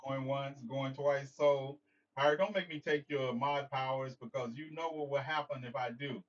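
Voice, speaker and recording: A man's voice: mid-range voice, fairly even intonation, normal speed, recorded from a distance. Joking man chatting on a lo-fi stream. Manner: joking, rambling, addresses chat by name. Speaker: livestream host. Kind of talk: casual livestream chat with viewers. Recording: dull lo-fi sound, slightly off-mic.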